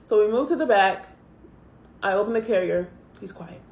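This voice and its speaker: A young woman casually telling a travel story to camera, chatty and animated, acting out what people said. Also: medium pitch, normal speed, echoey room, slight background noise. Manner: chatty, animated retelling with quoted asides. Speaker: vlogger.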